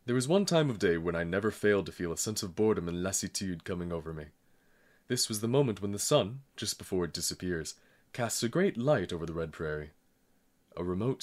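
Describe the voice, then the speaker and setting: A man reading a novel aloud in calm, measured narration. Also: low-pitched. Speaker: audiobook reader. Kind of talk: scripted narration.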